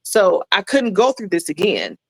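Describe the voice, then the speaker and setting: A woman's voice: mid-range voice, wildly swooping pitch, moderate pace, creaky, no echo, rough recording. A woman guest on a casual chat show, telling a story in a chatty way and addressing the listeners directly. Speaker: guest, maid of honor.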